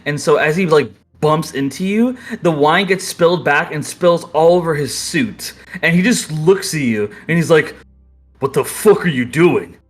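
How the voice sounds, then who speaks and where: A man's voice: on the high side, normal speed, few pauses, soft background music. A man running a tabletop role-playing game as game master, narrating casually with many fillers. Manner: casual, lots of "like".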